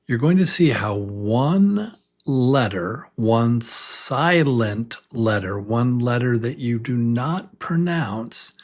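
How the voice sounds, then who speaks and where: A man teaching a beginner English lesson, enthusiastic and repeating words slowly for learners to say along with him. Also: medium pitch, lively intonation.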